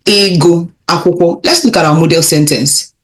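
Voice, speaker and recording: A young woman teaching children vocabulary, repeating words slowly and encouraging them as she goes. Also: on the low side. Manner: repeats phrases slowly, encouraging, laughs lightly. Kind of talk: slow, clear vocabulary lesson for kids.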